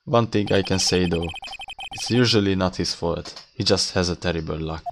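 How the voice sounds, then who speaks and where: A man's voice: fairly low pitch, background noise. A man voicing a nervous, earnest young male defense lawyer.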